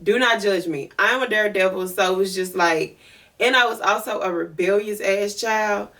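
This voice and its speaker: A woman podcast host telling a personal story in a chatty, animated way, full of fillers. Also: medium pitch, moderate pace. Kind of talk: casual storytelling. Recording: voice distant from the mic.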